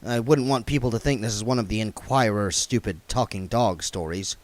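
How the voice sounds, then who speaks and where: A man voicing an earnest, polite young reporter who talks briskly. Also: lowish voice, no echo, close to an everyday voice.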